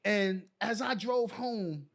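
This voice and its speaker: A man in his forties from New York, a guest on a podcast, telling animated stories full of "like" and "so". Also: high voice, slow, creaky. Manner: lively anecdotes packed with "like" and "so". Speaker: guest, former pro basketball player. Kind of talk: animated storytelling in a podcast chat.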